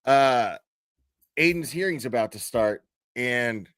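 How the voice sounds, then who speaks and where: A male livestream host with a mid-range voice and lively intonation speaks slowly, his tone a bit bright and free of echo. He tells a story loosely and profanely, rambling, restarting, and breaking into laughter, in casual stream commentary.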